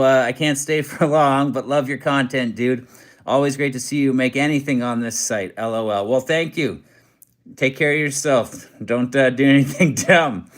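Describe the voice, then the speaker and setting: A young Canadian man who hosts a true crime comedy channel chats loosely from a hotel room, reading viewer comments. His voice is medium-pitched and tired, and he's self-deprecating, rambling with lots of fillers.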